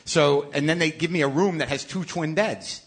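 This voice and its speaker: A middle-aged man hosting a live podcast, telling a profane, exasperated comic story in sudden loud bursts. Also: on the high side, moderate pace. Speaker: podcast host. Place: live stage show. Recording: live venue with faint noise.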